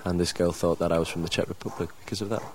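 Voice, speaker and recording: A man with a Mackem northeast English accent, a band member telling stories in an interview in a halting way. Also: low-pitched, huge pitch swings, slight background noise. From northeast England. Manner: halting, anecdotal, with fillers. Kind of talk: casual interview chat.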